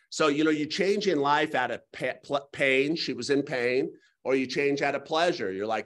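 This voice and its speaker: A middle-aged man teaching a live real estate class, talking in a folksy way and telling stories with quick asides. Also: medium pitch. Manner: folksy, storytelling, rapid asides.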